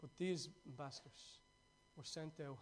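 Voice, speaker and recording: A man preaching a fervent, storytelling sermon that swings from loud to hushed. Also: fairly high pitch, wildly swooping pitch, moderate pace.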